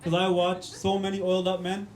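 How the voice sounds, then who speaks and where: High-voiced comic on stage. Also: male voice, completely flat delivery, a little fast, a little mellow. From Canada. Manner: punchy, keeps calling the crowd "guys" and "man". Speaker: stand-up comedian. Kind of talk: stand-up comedy set. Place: comedy club stage. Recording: echoey room.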